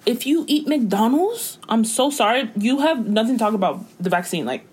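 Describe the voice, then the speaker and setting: A young woman in casual chat as co-host, emphatic and exasperated, quick to agree. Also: on the high side, lively intonation, darkish tone, husky.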